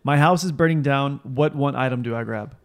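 Man, mid-range voice, playful teasing, casual game-night talk. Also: mid-range voice. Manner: teasing, quick banter. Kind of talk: casual chat playing a question card game.

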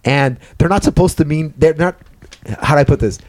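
A young man hosting a podcast, ranting loudly and rambling in casual, profane chat. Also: on the high side, fairly quick, no echo. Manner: loud, profane, rambling rants. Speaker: podcast host.

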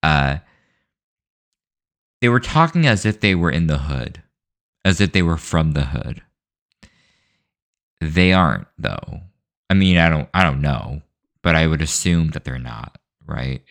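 A man with an extremely deep, low voice talks through a solo opinion rant on his own show. He rambles, stops and restarts, and fills the gaps with hesitant fillers. The sound is dry and close, with no room around it. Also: sing-song, unhurried, gravelly, pauses often, fairly bright tone, dry recording. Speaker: show host.

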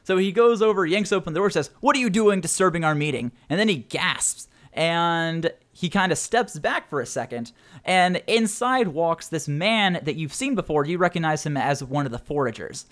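A young man narrating as game master in a tabletop game, casual and quick to laugh. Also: on the high side. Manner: laughs often, casual and animated.

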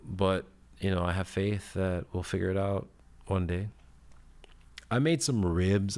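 Low-voiced man ranting heatedly. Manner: profane, heated and rambling; lively swings in pitch and loudness. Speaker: podcast host. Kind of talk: casual storytelling rant.

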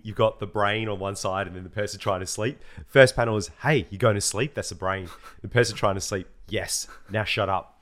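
A man's voice: on the low side, fairly bright tone. A man co-hosting a podcast, chatting casually, laughing often and full of slang. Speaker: podcast co-host. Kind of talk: casual chat.

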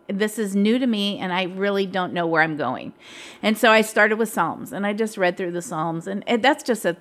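A woman's voice: mid-range voice, fairly bright tone. A middle-aged woman, a pastor's wife and co-host, sharing personal stories in a candid, reflective way. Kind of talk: casual chat.

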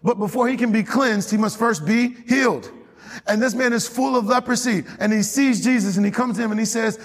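A man's voice: extremely high pitch, brisk, fairly bright tone. A man preaching a sermon as pastor, often asking the congregation questions and waiting for their response. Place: church hall. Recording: long hall reverb.

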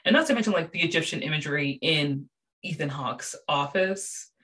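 Low-voiced young woman gushing casually. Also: moderate pace. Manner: animated, gushing, many fillers. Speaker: show reviewer. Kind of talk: casual chat.

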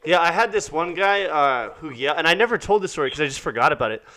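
A man's voice: fairly high pitch, expressive, quick pace, bright, forceful tone. A man, a stand-up comedian, chatting in a casual podcast, telling stories animatedly and laughing often.

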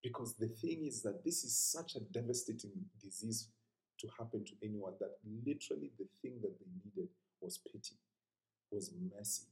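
Preacher, male, earnest and conversational, low mellow voice, echoey room. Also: animated, moderate pace. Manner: earnest, conversational, dropping to a hushed whisper at times. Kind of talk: sermon.

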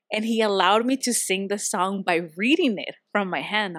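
A woman guest in a casual conversation, telling stories and acting out the dialogue lively. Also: mid-range voice, normal speed, hardly any pauses, no echo, studio quality. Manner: lively, acts out quoted dialogue in her stories.

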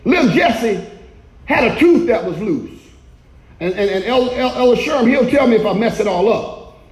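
A male pastor preaching a sermon in a church, shouting often and calling for the congregation to respond. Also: extremely high pitch, lively intonation, normal speed, echoey room, low-quality recording.

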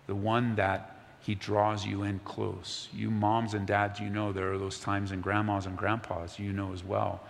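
A man preaching a sermon as pastor, earnest, sometimes dropping to a soft, near-whispered voice. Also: lowish voice, steady tone, unhurried. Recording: long hall reverb, faint ambience.

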